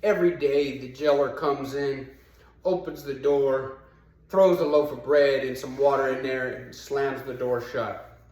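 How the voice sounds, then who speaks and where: A man telling a parable in a casual motivational talk, speaking conversationally and filling gaps with "you know", and climbing high and emphatic when he drives a point home. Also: fairly even intonation, a little slow, a little mellow. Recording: echoey room.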